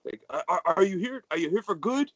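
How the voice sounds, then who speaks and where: A man's voice: high-pitched, expressive, a little fast, no echo, pitched above the performer's own voice. A man voicing a merry, balding, plump older father who gushes with joy and stumbles over his welcome. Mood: gushing. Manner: effusive, flustered, gushing.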